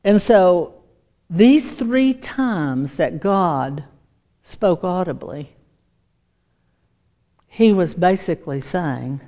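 Emphatic woman preaching, low-ish voice. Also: animated, drawn-out words, pauses often, mellow. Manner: emphatic, repeats key lines. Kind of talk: sermon.

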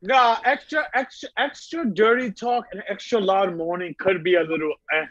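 An excitable man playing a party game with friends, repeating himself in bursts as he argues his answers. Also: high voice, moderate pace, dry recording, muffled recording. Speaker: regular co-host and player. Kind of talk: casual game banter.

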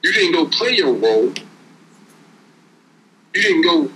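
A man's voice: a little high, very animated, unhurried, pauses often, sharp tone, slight background noise, rough recording. A man giving casual, streetwise motivational talk as a podcast co-host, preaching and repeating words as he builds each point.

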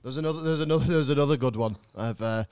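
A man's voice: mid-range voice, rapid-fire, a little mellow, slight background noise. A young man, a podcast co-host, telling a rambling story in casual chat, laughing and swearing, with many false starts.

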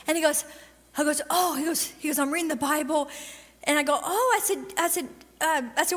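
A middle-aged woman preaching a sermon and telling a personal testimony in an animated way, with quick bursts and drawn-out emphasis. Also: very high-pitched, long reverb tail, some chatter behind, a little hiss or hum.

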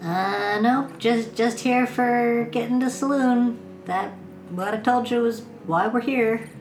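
A woman's voice: fairly high pitch, slow pace, darkish tone. A woman playing in a tabletop game, making dry, wry remarks. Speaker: player. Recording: roomy sound with clear music.

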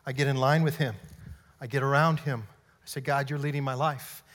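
Energetic pastor in a reverberant hall. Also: male voice, medium pitch, moderate pace. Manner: energetic, playful, demonstrating on stage. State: out of breath. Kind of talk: sermon. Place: church hall.

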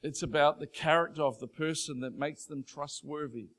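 A man preaching a Sunday sermon with a slightly higher-than-usual voice. He talks to the congregation in a plain, earnest way and builds to loud, emphatic stretches. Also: fairly even intonation, normal speed. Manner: earnest, conversational preaching that grows louder and more emphatic. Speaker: pastor. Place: church stage before a congregation.

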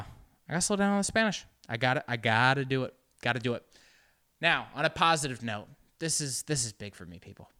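A man talking to camera in a loose, rambling monologue, poking fun at himself and repeating words as he goes. His voice sits at an ordinary middle pitch, and he slips between English and Spanish. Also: a bit bright, smooth. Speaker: vlogger.

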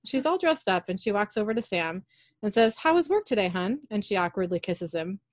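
Recorded dry with clean studio sound, a podcast host with a mid-range voice and moderate pace gives an animated, casual recap of a TV episode. She quotes the characters' lines in her own voice.

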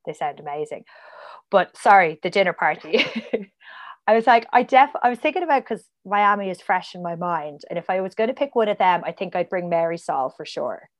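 Rambling chatty woman guest, lowish voice. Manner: chatty, rambling, many fillers and tangents. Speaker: podcast guest. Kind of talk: casual podcast chat.

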